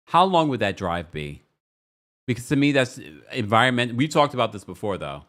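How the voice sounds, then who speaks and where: A young man hosting a casual show recap, sassy and animated, who jumps into a high voice when he quotes people. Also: moderate pace. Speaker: recap host.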